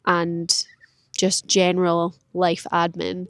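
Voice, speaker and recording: A woman's voice: lowish voice, completely flat delivery, slow pace, smooth, no echo, clean studio sound. A woman, rambling candidly and self-deprecatingly in a personal vlog. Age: late 20s. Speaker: vlogger. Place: outdoors in a park.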